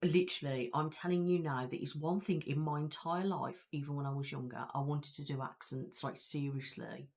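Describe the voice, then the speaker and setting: Hosting a live stream, this Belfast woman, an ASMR creator, talks casually and ramblingly with her viewers, filling the gaps with frequent fillers. She speaks at normal speed in a low, steady, darkish voice with few pauses.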